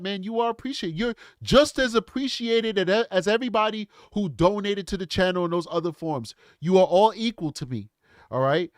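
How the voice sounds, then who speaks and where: This high-voiced man runs a live true crime stream, recorded cleanly in a studio with no echo. Animated and blunt, he reacts casually and keeps calling his audience "bro" and "man."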